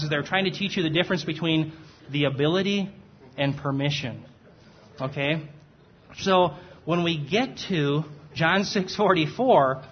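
A man delivers a conversational expository sermon in a fairly high, husky voice. He keeps checking in with his listeners and pauses to correct his own slips. The recording sounds dull and muffled. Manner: conversational, checks in with "okay?", self-correcting, laughs at himself. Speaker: pastor.

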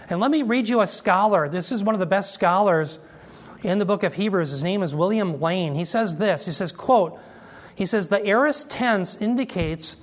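Man teaching through a Bible passage. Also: sits high. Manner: explains Greek terms slowly, asks the audience questions. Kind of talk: expository sermon teaching.

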